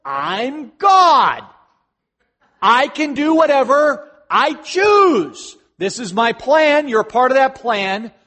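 A man acting out God as an exasperated, commanding male deity, loud and scolding in a sermon. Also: extremely high pitch, big pitch swings, slow pace, voice pushed up, exaggerated voice.

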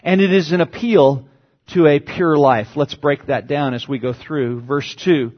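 A man's voice: fairly high pitch, unhurried. A man preaching a sermon as pastor, teaching earnestly and stressing key words. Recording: dull lo-fi sermon recording.

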